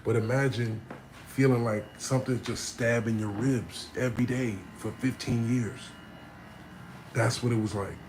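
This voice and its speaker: A man spins a story to camera in a loose, animated, slang-heavy way, swearing freely and lifting into impressions. His voice sits at a middling pitch and carries some echo in a roomy space, with faint background ambience. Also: normal speed, slight background noise. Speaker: vlogger.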